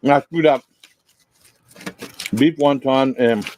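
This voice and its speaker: A man on a livestream panel chats casually about food. He rates each dish plainly, in an ordinary mid-pitched voice. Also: slow pace, a little mellow, slight background noise, low-quality recording. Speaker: panel guest. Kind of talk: casual food review chat.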